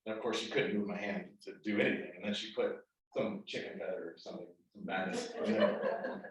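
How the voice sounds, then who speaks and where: At a memorial in a spiritual center hall, a man with a somewhat low voice and fairly even intonation gives a spoken tribute. His delivery is halting, full of pauses, restarts, and fillers. The mic is far off, so the hall's heavy echo rings around him.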